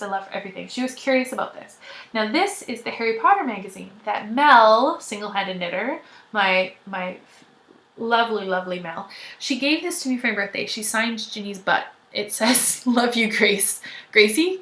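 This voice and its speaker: Lady rambling on her knitting podcast, loud and gushy, kinda high bright voice. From Canada. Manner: chatty, rambling, gushing. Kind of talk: casual chat to viewers.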